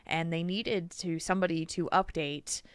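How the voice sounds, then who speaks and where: A woman co-hosting a casual podcast, telling stories in an animated way. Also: on the low side, normal speed, smooth, dry recording, studio quality. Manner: animated storyteller, laughs often, slips into silly voices. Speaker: podcast co-host.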